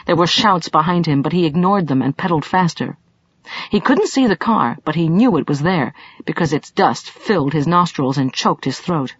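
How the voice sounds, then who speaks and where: A woman's voice: sits low, lively intonation, moderate pace, breathy edge, no echo. A woman narrating an audiobook in a scripted, dramatic reading with shifting emphasis, recorded in a dull lo-fi, dry way.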